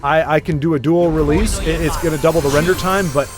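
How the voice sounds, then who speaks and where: Chatty, higher-voiced man commentating a game. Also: quick pace, music in the background. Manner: chatty, self-deprecating, rambling with restarts. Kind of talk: casual gameplay commentary.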